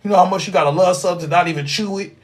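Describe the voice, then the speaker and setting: Young man, slightly high voice, animated and profane, rambling vlog monologue. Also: very fast. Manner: animated, profane, rambling, with sudden loud outbursts. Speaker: spiritual vlogger. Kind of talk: casual spiritual monologue.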